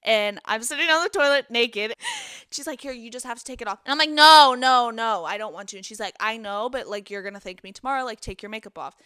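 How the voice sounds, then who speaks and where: A woman's voice: a little high, fast talker, bright, forceful tone, smooth, dry recording. A woman in her twenties, co-hosting a podcast, animatedly retelling a night out and acting out her friends' lines. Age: 20s. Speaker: podcast co-host. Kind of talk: casual storytelling chat.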